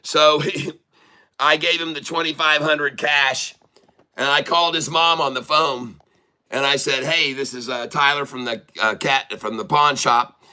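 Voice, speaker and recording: Bright-voiced man telling rambling stories. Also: a little high, steady tone, measured pace, smooth. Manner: rambling, chatty anecdote telling with many restarts. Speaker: livestream day trader and channel host. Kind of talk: casual livestream storytelling.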